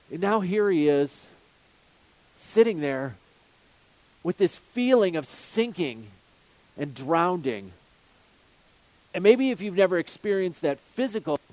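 A man's voice: high voice, a little mellow, dry recording. A male pastor preaching a sermon, earnest, building his points with repeated phrases and rhetorical questions.

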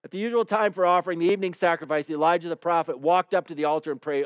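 A man with a slightly high, smooth and resonant voice delivers a sermon in a relaxed, conversational way. He retells scripture with playful, animated asides. The sound is close and dry, with no room echo. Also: very fast, hardly any pauses. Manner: conversational storytelling with playful acted-out quotes. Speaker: preacher.

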